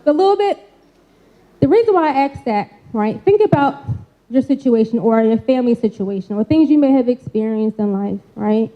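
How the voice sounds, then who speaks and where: A woman's high, animated voice with a dark tone comes through lo-fi sound at a moderate pace. Onstage before a live audience, she gives an interactive mental health talk in folksy language, prompting the crowd to respond and often adding "right?"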